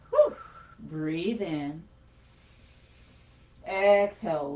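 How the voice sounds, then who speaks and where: A woman yoga instructor talks her class through the poses while doing them, friendly and a bit breathless. Her voice sits on the lower side. The sound is dull and lo-fi, picked up from across a reverberant room. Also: a little mellow. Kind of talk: guided gentle yoga class. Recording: echoey room, far from mic, dull lo-fi.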